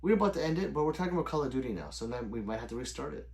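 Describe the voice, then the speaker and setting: A middle-aged man hosts a late-night livestream, chatting loosely with viewers at his desk mic and reading their messages aloud. His talk rambles and is peppered with swearing. His pitch swings widely, rising and dropping from phrase to phrase. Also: big pitch swings, racing, vocal fry, darkish tone. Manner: loose and rambling, swears often, answers chat by name. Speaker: livestream host reading chat.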